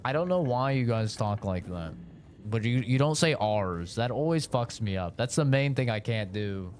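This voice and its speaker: A man's voice: mid-range voice, animated, moderate pace, a little mellow. A man, a streamer chatting casually with viewers, rambling and swearing freely, with faint background noise. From United States.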